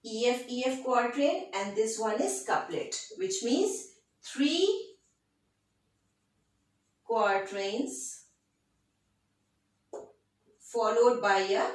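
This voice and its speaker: A woman lectures on poetry at a very slow, deliberate pace. Her voice sits fairly high for a woman. She is recorded in a strongly echoing room. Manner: slow, deliberate, checks in with "right?". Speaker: literature teacher. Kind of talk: classroom lecture. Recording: very echoey room.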